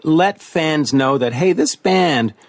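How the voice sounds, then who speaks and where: A man's voice: on the high side, expressive, slow pace, vocal fry, no room sound. A man hosting an interview, asking long looping questions while losing his voice. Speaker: interviewer, host.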